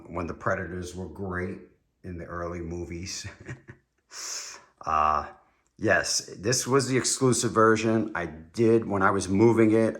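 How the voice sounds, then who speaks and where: Deep-voiced New York man, echoey room. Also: a bit bright. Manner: enthusiastic, rambling. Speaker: collector giving a room tour. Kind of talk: casual collection tour. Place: home statue room.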